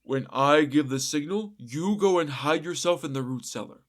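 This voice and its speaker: A man's voice: fairly high pitch, moderate pace, natural voice. A man voicing a cunning peasant husband in a folktale, speaking with mock-dramatic solemnity. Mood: grave. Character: scheming, wily peasant husband feigning gravity.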